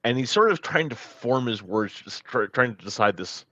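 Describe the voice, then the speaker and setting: A man's voice: medium pitch, lively intonation, moderate pace, bright, forceful tone, dry recording, muffled recording. A man narrating his character's actions in a tabletop role-play, hesitant with many restarts. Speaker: player.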